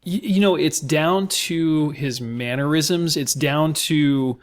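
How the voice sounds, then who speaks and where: A man's voice: on the high side, slow. An American man, a podcast co-host, talking about a film with enthusiastic, effusive praise and many fillers. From United States. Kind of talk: casual film discussion.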